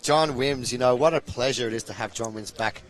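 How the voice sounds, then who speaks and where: A man's voice: mid-range voice, fairly quick. A man hosting a live pool stream, eagerly promoting it and commenting at length.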